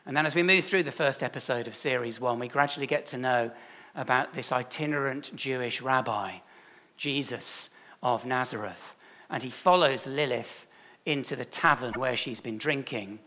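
A man's voice: medium pitch, sharp tone. A man, a church leader giving a chatty, self-deprecating sermon full of stories.

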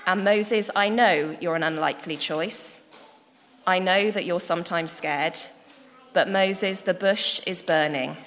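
God from a burning bush, read by a woman: solemn, pleading, slow, echoey hall. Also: fairly low pitch, fairly bright tone. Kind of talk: storytelling in worship. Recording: echoey hall, faint noise.

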